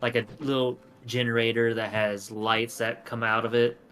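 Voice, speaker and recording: A man co-hosting a gaming stream, speaking in a measured, explanatory way and working through his points with analogies. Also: mid-range voice, flat delivery, fairly bright tone, faint music behind. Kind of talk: casual chat while gaming.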